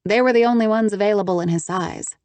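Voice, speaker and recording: A woman narrator plays a persistent young woman whose speech is crisp and businesslike, a little higher than the narration. The reading is close and completely dry. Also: fast talker, darkish tone, no room sound, lightly acted. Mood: determined. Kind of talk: audiobook character voice.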